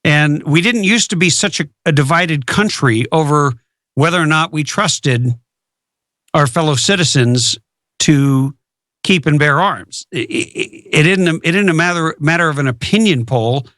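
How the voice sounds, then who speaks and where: A man's voice: fairly high pitch, a little slow, fairly bright tone, no room sound, studio quality. A man hosting a political talk radio show, speaking emphatically and repeating words for stress.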